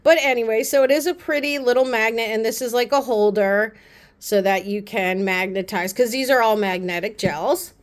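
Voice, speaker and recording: Woman, fairly high voice, chatty, gushing, rambling, casual haul vlog. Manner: chatty and gushing, repeats "pretty" often; quick asides and self-aware rambling. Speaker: beauty vlogger. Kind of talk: casual haul chat to camera.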